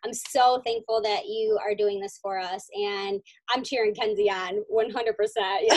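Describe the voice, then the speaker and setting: A woman's voice: fairly high pitch, expressive, unhurried, poor audio. Gushing woman introducing a guest. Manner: gushing, warm praise. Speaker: team leader hosting the call. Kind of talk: enthusiastic introduction on a video call.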